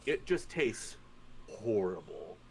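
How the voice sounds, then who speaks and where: A man running a tabletop game as game master, narrating casually and with lots of swearing, jumping into loud voices for the players' characters. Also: lowish voice, big pitch swings, takes it slowly, slight background noise. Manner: profane, laughing, acts out players' lines in bursts.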